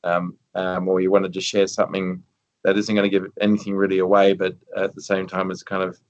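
Low-voiced male host on a dull, lo-fi line. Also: monotone. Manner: halting, searching for words. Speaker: interview host. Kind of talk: conversational interview.

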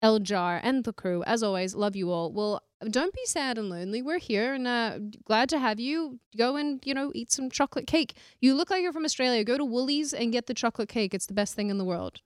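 Woman cohost reading chat comments out loud, laughs a lot, dry close mic. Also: a little high, fairly quick, few pauses, no echo. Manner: laughs often, reads viewer messages aloud. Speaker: co-host reading super chats. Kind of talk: casual chat.

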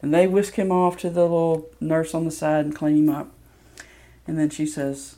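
A woman's voice: low voice, little pitch movement, normal speed, dark tone. A woman from Mississippi, candidly telling a personal story with plenty of ums. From Mississippi, USA. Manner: candid, self-deprecating, loose with fillers.

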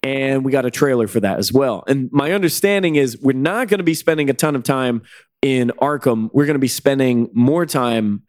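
A man's voice: mid-range voice, normal speed, dry recording, studio quality. A man hosting a podcast, chatting casually about games and film news. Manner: relaxed, conversational. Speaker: podcast host.

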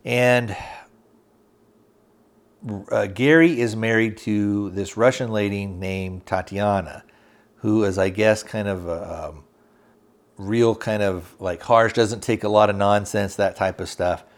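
Male podcast host, slightly low voice, loose and halting plot recap. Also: steady tone. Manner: rambling, halting, many fillers, acts out quotes loosely. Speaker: podcast host reviewing a TV series. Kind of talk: casual recap, plot retelling.

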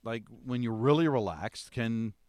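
A man's voice: mid-range voice, a little slow, a little mellow, dry recording, clean studio sound. Wry joking male co-host. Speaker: podcast co-host. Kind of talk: casual chat.

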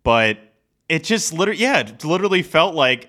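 A man co-hosting a podcast in casual, rambling sports chat, animated and laughing often. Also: fairly high pitch, fairly quick. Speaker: podcast co-host.

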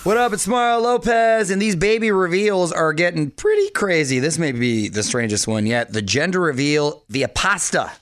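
A man hosting a radio show in a studio, talking in an energetic, chatty way and laughing often. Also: a little high, normal speed, hardly any pauses, no room sound. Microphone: studio microphone.

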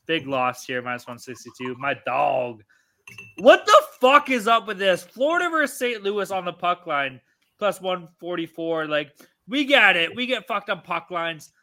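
A man's voice: a little high, big pitch swings, normal speed, sharp tone. A man co-hosting a sports-betting podcast, ranting in casual chat and swearing constantly. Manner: profane, ranting, exasperated. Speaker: podcast co-host.

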